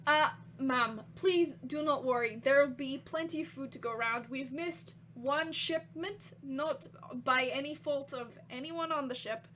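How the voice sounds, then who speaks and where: A woman voicing a flustered male ship captain who keeps trying to calm people down. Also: high voice, unhurried, hardly any pauses, slight background noise. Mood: placating. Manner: defensive, smoothing things over.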